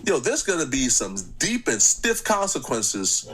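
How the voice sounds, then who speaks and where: A young man hosting a reaction channel, giving mocking, animated commentary on clips. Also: on the high side, measured pace, a little hiss or hum.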